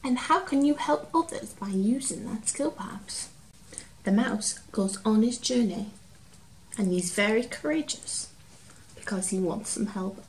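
A woman reading a picture book aloud to children, expressive, dramatic and gentle. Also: mid-range voice, slight background noise. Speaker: children's storyteller. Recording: roomy, distant from mic, faint ambience.

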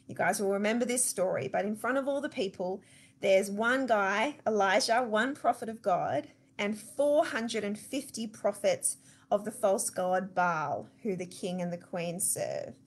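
An Australian woman gives a weekly church devotional and retells a Bible story as a chatty, lively storyteller. She talks straight to her listeners at a mid pitch. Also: measured pace. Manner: lively storyteller, conversational, addresses listeners directly.

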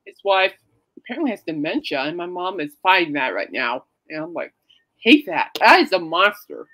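A woman hosting a casual podcast, tearful and halting as she talks and leads a prayer, trying not to cry. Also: lowish voice, big pitch swings, bright, forceful tone, rough recording. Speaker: podcast host. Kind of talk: casual chat and spoken prayer.

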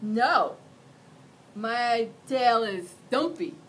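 A woman's voice: fairly high pitch, takes it slowly, bright, forceful tone, a little hiss or hum, voice pushed up. A woman voicing a big, scruffy boy monster who slurps and whines. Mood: whiny. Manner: slurping, whiny.

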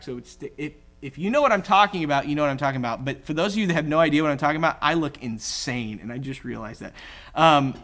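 Male pastor, conversational sermon delivery, self-deprecating humor, bright tone. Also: a little high. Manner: conversational, self-deprecating, voices quoted characters. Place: church.

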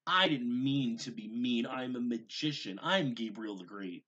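A man voicing a proud little boy who plays a magician, chanting his magic words with excitement. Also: medium pitch, measured pace, husky, dull audio, pitched above the performer's own voice. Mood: boastful.

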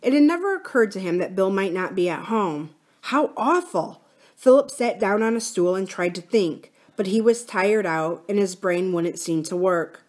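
A woman from a library reading a children's adventure book aloud in a clear, even storytelling voice. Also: mid-range voice, moderate pace, few pauses.

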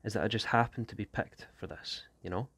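A man's voice: fairly low pitch, steady tone, brisk, a bit bright, husky, no room sound, pitched above the performer's own voice. A man voicing a wary teenage gang boy. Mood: guarded. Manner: slangy street talk, guarded and restless.

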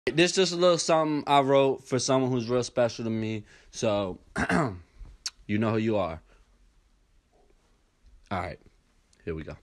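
A man's voice: mid-range voice, steady tone, normal speed. A man in his twenties doing profane comedic rants and skits straight to camera. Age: 20s. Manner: brash, profane, ranting. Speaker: comedy skit creator. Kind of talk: casual comedic monologue to camera.

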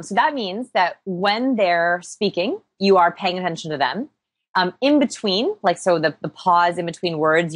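In a conversational interview, a woman who researches people skills speaks as the guest, explaining things with upbeat energy and self-deprecating humor. Her voice is fairly low and fairly bright, with no echo.

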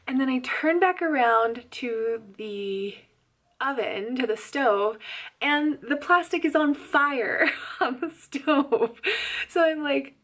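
A young woman telling a story to her vlog camera in a chatty, animated way, laughing often and saying "like" a lot. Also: fairly high pitch, measured pace. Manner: animated and loud. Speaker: pregnancy vlogger.

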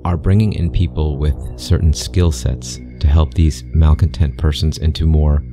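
A man voicing a mysterious male interviewer speaking through a speaker, calm, polite and cold, with an accent that is neither British nor American. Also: a bass voice, moderate pace, over music. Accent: unplaceable accent, neither British nor American.

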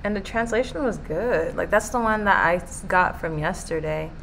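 A woman's voice: fairly low pitch, normal speed, vocal fry, a bit bright, slight background noise. A young woman live-streaming her reaction while reading aloud, emotional and given to swearing and exclaiming.

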